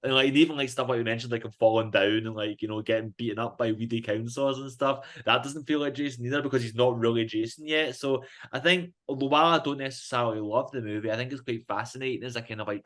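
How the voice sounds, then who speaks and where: A man's voice: medium pitch, steady tone, quick pace, hardly any pauses, a bit bright. A man talking as a podcast guest, rambling casually with constant "like, you know" fillers. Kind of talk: casual chat.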